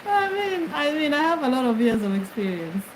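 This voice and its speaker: A middle-aged woman with a slightly high voice talks casually into her phone from her bed. She chats with commenters one by one and laughs easily. A faint background hiss sits under her voice. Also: very animated, fairly quick. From Kenya. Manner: chatty, greets commenters, laughs often. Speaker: livestream host. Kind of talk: casual livestream chat. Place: bedroom, lying on her bed.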